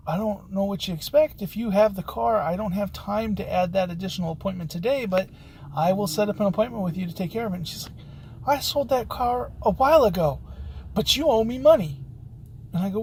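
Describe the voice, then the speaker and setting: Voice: mid-range voice, a little mellow, breathy edge. A locksmith hosting a podcast, telling a work anecdote in a rambling, conversational way. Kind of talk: casual spoken anecdote.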